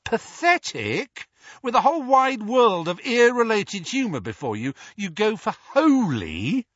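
A man's voice: high-pitched, very animated, a little slow, fairly bright tone, dry recording, muffled recording, voice pushed up, full character voice. A man voicing a young man who mocks his twin brother, in an audiobook reading. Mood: mocking. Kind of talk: audiobook character voice.

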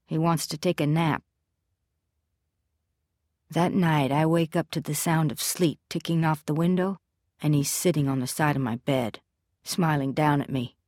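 A woman with a fairly low voice narrates a story in the first person, measured and steady. The recording is dry and close, like a studio booth, with nothing around the voice. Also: no room sound. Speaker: audiobook narrator.

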